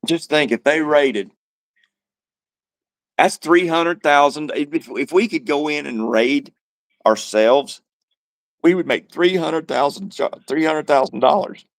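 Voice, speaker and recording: A man's voice: fairly high pitch, slow pace, creaky, pauses often, no room sound. A man co-hosting a casual livestream chat, talking in a laid-back, wry drawl. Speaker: livestream co-host.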